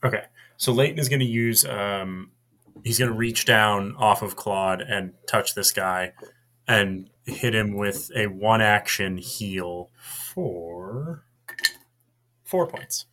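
Male player, low and bright, full of questions. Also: slow. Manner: asks questions, hedges with "like". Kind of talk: tabletop game play.

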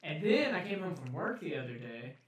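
A man's voice: fairly high pitch, big pitch swings, brisk, recorded from a distance. A young man co-hosting a podcast, casually telling stories and mimicking other people's voices, with frequent swearing. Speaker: podcast co-host. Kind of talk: casual chat. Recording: echoey room, voice off-mic.

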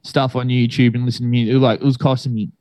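A man's voice: medium pitch, little pitch movement, very fast, mellow, no room sound. A young man telling a long story in casual chat, rambling and laid-back with many fillers.

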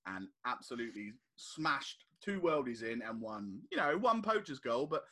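A man co-hosting a casual football podcast tells stories in an animated way, acting out what people said. His voice is medium in pitch and his speed is normal.

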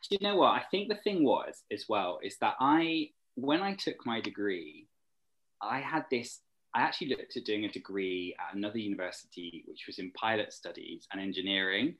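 A man's voice: lowish voice, lively intonation, moderate pace, fairly bright tone, poor audio. A young man chatting eagerly as an interview guest, rambling with fillers. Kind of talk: casual interview chat.

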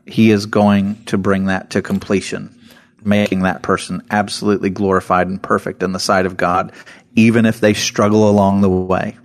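A man's voice: lowish voice, moderate pace. A man co-hosting a Christian podcast, talking earnestly about scripture and laughing now and then. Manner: earnest, laughs often, animated quotes. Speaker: podcast co-host. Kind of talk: casual devotional podcast talk.

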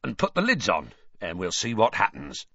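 A big, kindly gamekeeper-teacher for an audiobook, rustic talk, dry booth sound. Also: male voice, fairly low pitch, huge pitch swings, normal speed, vocal fry, fairly bright tone, slightly rough, dry recording, full character voice. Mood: cheerful. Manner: homely rustic speech. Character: huge gentle half-giant gamekeeper, man. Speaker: teacher of magical creatures. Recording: dry, slightly dull studio recording.

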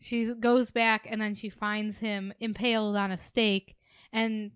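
A woman's voice: medium pitch, level tone, measured pace, a bit bright, clean tone, no room sound, clean studio sound. A woman co-hosting a podcast in casual movie talk, often jumping in to finish her co-host's sentences. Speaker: podcast co-host.

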